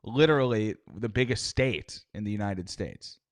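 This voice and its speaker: A man co-hosting a comedy podcast, teasing his partner in a deadpan, casual way. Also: on the low side, normal speed, dry recording, studio quality. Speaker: podcast co-host.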